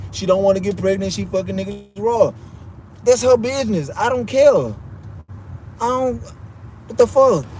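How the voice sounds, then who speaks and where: A man with a high-pitched voice rants on a casual livestream, rambling and swearing as he restarts his sentences. He is recorded outdoors, and street and vehicle noise is clearly heard behind him. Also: a little mellow. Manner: rambling, profane, restarts often. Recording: noisy street and traffic.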